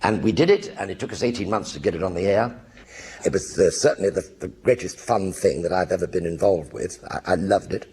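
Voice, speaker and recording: Older male actor, low voice, animated one-man-show storyteller who mimics the people in his stories. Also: a little fast, husky. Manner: animated raconteur acting out other people's voices. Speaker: actor telling stories on stage. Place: theatre stage before a live audience.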